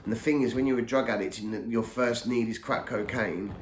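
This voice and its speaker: A man's voice: mid-range voice, a little fast, a little hiss or hum. A middle-aged man telling his own story in a casual, rambling way, often repeating and restarting words. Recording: echoey room.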